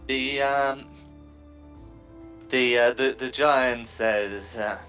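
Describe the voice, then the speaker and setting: A man's voice: medium pitch, extremely slow, fairly bright tone, faint music behind. A man narrating a tabletop game as game master, hesitant and full of fillers.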